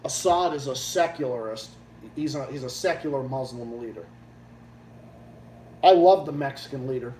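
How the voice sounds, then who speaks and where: A man's voice: medium pitch, normal speed, long pauses, mellow. Ranting man in an echoey room. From Massachusetts, USA. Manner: heated, profane, blunt. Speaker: livestream host. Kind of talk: ranting livestream monologue. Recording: echoey room, distant mic, faint hum.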